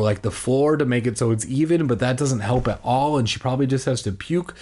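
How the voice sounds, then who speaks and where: A man doing a comedic reading of a children's horror book, reading deadpan and breaking off into rambling jokey asides. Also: mid-range voice. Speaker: reader and host.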